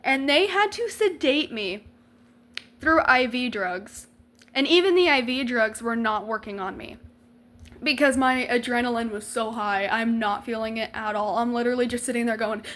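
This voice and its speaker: A woman's voice: a little high, fairly bright tone. A young adult woman vlogger telling a personal story in a candid, emotional way, swearing freely and using slang and lots of likes.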